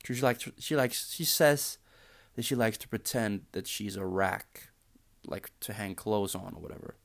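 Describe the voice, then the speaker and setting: A man's voice: on the low side, measured pace, vocal fry. Sarcastic, swearing man ranting on a podcast. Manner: sarcastic, profane, exasperated ranting. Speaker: podcast host. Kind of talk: casual podcast rant.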